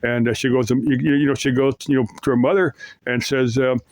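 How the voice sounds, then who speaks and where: A man's voice: mid-range voice, steady tone, brisk, a little mellow, no echo. A man casually retelling creepy stories, rambling with many fillers and restarts. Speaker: storyteller.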